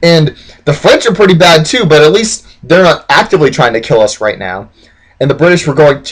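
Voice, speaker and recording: A man running through history as a loose comedy bit, crude and rambling, with "like" in nearly every sentence. His voice sits a bit high and bounces all over in pitch. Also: expressive, fairly quick, low-quality recording. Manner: rambling, profane, heavy use of "like". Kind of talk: casual comedic storytelling.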